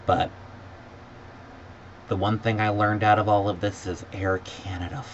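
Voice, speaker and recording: A man in a vlog ranting sarcastically about a bad trip, sometimes mimicking staff in a higher voice. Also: flat delivery, measured pace. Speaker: vlogger. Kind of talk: exasperated travel rant. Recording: dull lo-fi audio with faint background noise.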